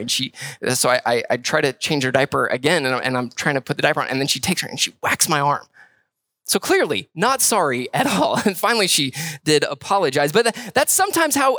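A man's voice: a little high, dry recording. A man in his thirties preaching a sermon as a pastor, talking in a loose, conversational way with lots of restarts and repeated words. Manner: conversational, animated storytelling with quoted voices.

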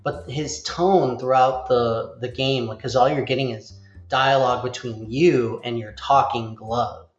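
A man's voice: mid-range voice, unhurried. A man talks through a game in a loose, rambling way, dropping into little acted quotes. His voice sits in an ordinary middle register. It is recorded in a roomy space with a slightly dull sound and faint music underneath. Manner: rambling, animated, acts out quotes. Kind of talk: casual chat.

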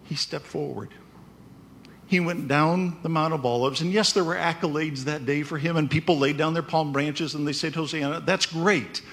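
Man preaching, fairly high voice. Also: fairly even intonation, normal speed, fairly bright tone. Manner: conversational preaching with frequent "right?". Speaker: pastor. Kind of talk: sermon.

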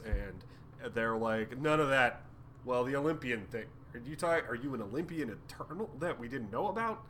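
Bright, jokey man on a comedy podcast. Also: mid-range voice, animated, normal speed, a little hiss or hum. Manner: jokey, acts out characters' lines with crude humor. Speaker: podcast co-host. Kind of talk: casual chat recapping comics.

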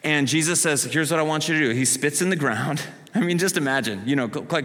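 A man preaching a sermon as a pastor, animated, acting out the story in character voices. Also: on the high side, fast. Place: church sanctuary. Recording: long hall reverb.

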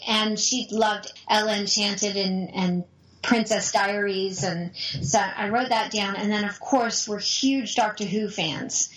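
A middle-aged woman, a mother, telling a personal family story in an animated, emotional way. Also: medium pitch, low-quality recording.

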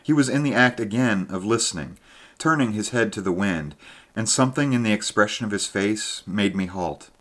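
A man with a very low voice reads a story aloud. His narration is measured and steady, and he lifts his voice for tense moments. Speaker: audiobook narrator. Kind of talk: scripted narration.

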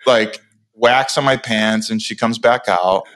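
Lowish-voiced man telling a story. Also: measured pace. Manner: animated storyteller, many restarts, acts out others' lines. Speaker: podcast guest. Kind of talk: casual storytelling interview.

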